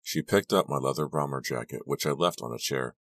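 A man reading a teen horror audiobook aloud, narrating in the first person with a steady, measured pace. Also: very deep voice, no room sound. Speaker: audiobook reader.

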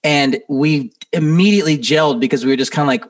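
Laid-back host guy chatting, kinda far from the mic, slightly high voice. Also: fast. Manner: relaxed, chatty, says "like" a lot. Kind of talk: casual chat.

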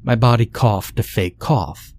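A man narrating a horror story in a measured, somber storytelling manner, as a scripted horror narration. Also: on the low side, darkish tone.

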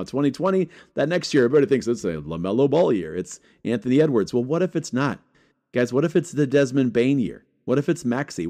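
A man vlogging about collecting sports cards, talking casually to his viewers in an energetic, joking way. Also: medium pitch. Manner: energetic, joking, rattles off names. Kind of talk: casual talk to camera.

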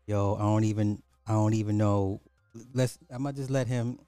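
A man's voice: lowish voice, fairly even intonation, normal speed, mellow, clear, resonant tone, no echo, faint music behind. A man giving reaction commentary, rambling and trailing off mid-sentence.

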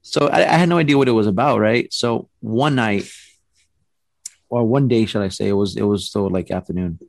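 A middle-aged man casually telling a story, animated and rambling, with restarts and acted-out quotes. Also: lowish voice, moderate pace, creaky, no room sound.

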